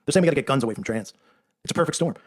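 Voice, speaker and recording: Very fast-talking sarcastic man. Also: medium pitch, animated, husky. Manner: sarcastic, emphatic, keeps asking "right?". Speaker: online commentator. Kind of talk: rapid-fire monologue commentary.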